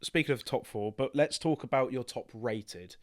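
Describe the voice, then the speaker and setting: A young man hosts a relaxed podcast chat, agreeable and easygoing. His voice is smooth and resonant, with an ordinary male pitch. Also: moderate pace. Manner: easygoing, agreeable, brief replies. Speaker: podcast host. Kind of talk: casual chat.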